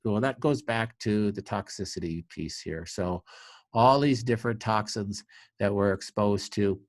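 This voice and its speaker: A man's voice: lowish voice, unhurried, dry recording. A man, a clinic doctor, answering viewer questions in a live webinar, giving earnest, emphatic advice with frequent fillers.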